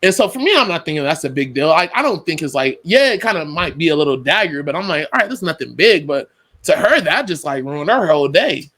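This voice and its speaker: Young guy hosting a church-y marriage chat, kinda high voice, acts out the convos. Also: brisk. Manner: animated storytelling, acts out dialogue. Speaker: podcast host. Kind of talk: casual faith-based chat.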